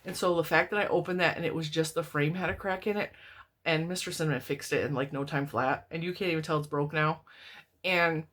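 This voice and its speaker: A middle-aged woman vlogging from home, chatty and rambling as she opens mail from viewers, laughing often, her voice jumping high when excited. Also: brisk. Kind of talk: casual chat. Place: home, indoors, TV on in the room.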